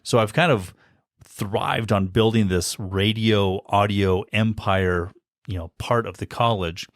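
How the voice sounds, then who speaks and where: Wry, low-voiced man in a studio. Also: a little slow, dry recording. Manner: wry, self-deprecating storyteller. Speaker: college radio and audio program head, guest. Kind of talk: casual podcast conversation. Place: podcast studio. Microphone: studio mic.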